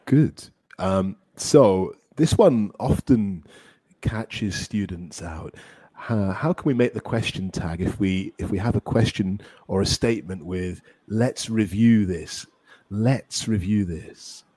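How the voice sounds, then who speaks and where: A man teaching English grammar in a casual podcast chat, explaining clearly and encouraging his co-host. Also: sits low, measured pace, mellow, no room sound.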